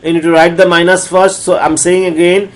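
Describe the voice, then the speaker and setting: A man lecturing on differential calculus, walking through each step slowly and repeating phrases as he explains. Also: high voice, little pitch movement. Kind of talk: recorded math lecture.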